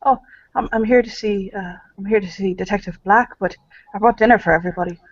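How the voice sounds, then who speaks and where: Man voicing a jovial chatty priest, pitched up, lo-fi. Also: fast. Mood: eager. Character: jovial male priest bringing food.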